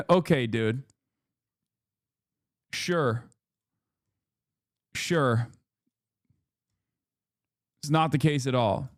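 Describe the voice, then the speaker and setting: A man's voice: mid-range voice, moderate pace, darkish tone, no room sound. Heated, profane male streamer on a dry mic. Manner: profane, sarcastic, heated ranting. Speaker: political commentator streaming. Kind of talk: casual live-stream commentary reacting to news.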